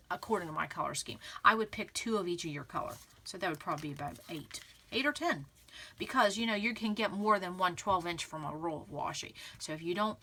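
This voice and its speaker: A woman's voice: fairly low pitch, pushed and bright. A woman hosting a scrapbooking tutorial, talking casually and encouragingly to her viewers, often saying "okay" and "again.". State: clearing throat from pollen. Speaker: scrapbooking channel host.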